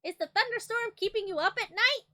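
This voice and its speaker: Woman putting on a bright, squeaky little raspberry girl, secretive and sweetly ominous. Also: brisk. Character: cute, secretive little female talking raspberry.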